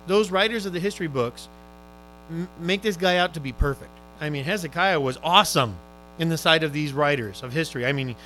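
Preaching a sermon, a man with a high voice passionately urges on his audience, moving from loud, pressing appeals to soft, whispered questions. The recording quality is poor.

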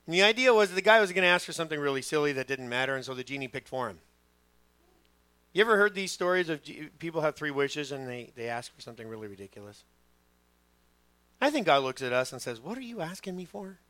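Man, pastor, preaching sermon, middle-aged, fairly high voice, dry close sound. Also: quick pace, clear, resonant tone, no echo. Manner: animated storytelling, acting out quoted voices.

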